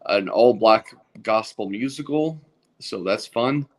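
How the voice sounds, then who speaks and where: A man in his thirties with a lowish voice talks in a casual podcast chat. He stumbles through fillers and restarts, and his humor is dry and self-deprecating. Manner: halting, many fillers and restarts. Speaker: stand-up comedian guest.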